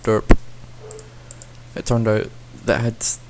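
A man's voice: fairly low pitch, monotone, slow, noisy background. A young man, rambling and joking at himself in casual let's-play commentary at his computer mic. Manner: rambling, self-mocking, talks to himself while playing. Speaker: gaming channel host.

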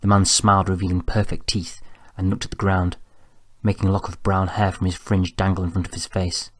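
Low-voiced man narrating a story. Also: dry recording. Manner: even, measured storytelling. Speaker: audiobook narrator. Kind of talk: scripted narration.

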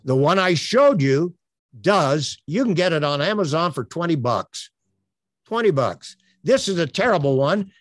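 An older man coaching on elevator pitches in an online presentation, earnest and promotional, with many uhs. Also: big pitch swings, unhurried, no room sound. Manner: filler-heavy, earnest, promotional. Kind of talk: webinar presentation. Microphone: webcam on a tripod.

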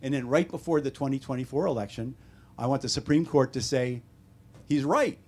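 A man's voice: medium pitch, quick pace, breathy edge. Older American man telling wry stories. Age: 70s. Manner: wry, deadpan humor with animated quoted voices. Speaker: author at a book talk. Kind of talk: casual storytelling Q&A. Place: bookstore event room.

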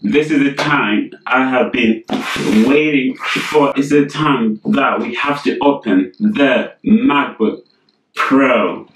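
A young man hosts an unboxing vlog, exclaiming over and over in delight. He talks slowly and gushes at every step. He sounds off mic in an echoey room with a faint hiss behind him. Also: medium pitch, fairly bright tone, distant mic. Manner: gushing, keeps exclaiming and repeating himself. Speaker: vlogger.

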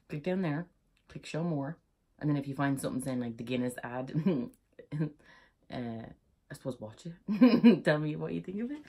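A young woman with an Irish accent talks through her vlog in a low, husky voice, easily set off into giggles. Her tone is dark and mellow, and she chats in a loose, rambling way. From Ireland. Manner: giggly and chatty, prone to laughing fits. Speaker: YouTuber. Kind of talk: casual vlog chat.

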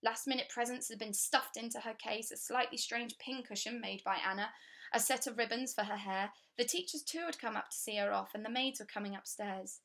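Woman, storybook reading aloud, clear steady narration, expressive. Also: a little high, a little fast. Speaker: audiobook reader.

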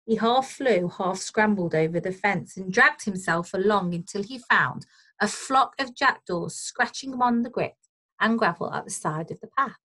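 Expressive woman teacher reading aloud. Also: medium pitch, normal speed, poor audio. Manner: expressive, gentle, explains the story. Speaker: primary school teacher. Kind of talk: storybook read-aloud for children.

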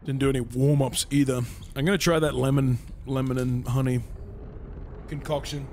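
A man's voice: mid-range voice, steady tone, normal speed, darkish tone, a little hiss or hum. A young man from California chatting casually with his live-stream audience, laid-back and talkative. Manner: laid-back, chatty, reads and answers chat. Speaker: game streamer.

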